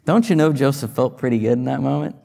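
A man's voice: mid-range voice, fast, gravelly, warm tone, big-room sound. A man giving a sermon as a pastor, teaching conversationally with rhetorical questions and restarts. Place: church sanctuary.

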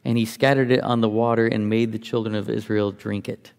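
Gravelly-voiced man teaching scripture. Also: on the low side, little pitch movement, fairly quick, darkish tone, long reverb tail. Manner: conversational, thinks aloud while explaining. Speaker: Bible teacher. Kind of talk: Bible teaching, reading and explaining scripture.

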